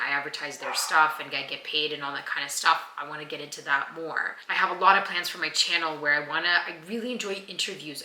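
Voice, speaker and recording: A woman's voice: low-pitched, sharp tone, a little hiss or hum. A young woman who acts, reflecting on her year in an earnest, rambling way for her vlog channel. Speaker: vlogger and actor. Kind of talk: casual year-end vlog. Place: home. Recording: echoey room.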